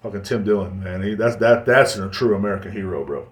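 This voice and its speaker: In a fast, lowish voice, a man hosts his own casual podcast alone, rambling, cracking jokes, and swearing a lot. The room's echo is clearly audible.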